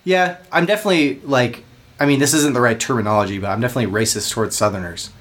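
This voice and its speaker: A man with a Southern American accent, co-hosting a casual podcast chat, animated, laughing often and swearing freely. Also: mid-range voice, fast. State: high. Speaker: podcast co-host.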